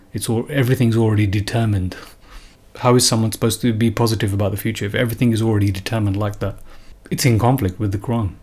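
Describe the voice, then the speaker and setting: A man's voice: lowish voice, steady tone, quick pace, a little mellow. A man giving an unscripted religious talk, earnest and emphatic, often repeating and restarting phrases. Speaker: religious commentator.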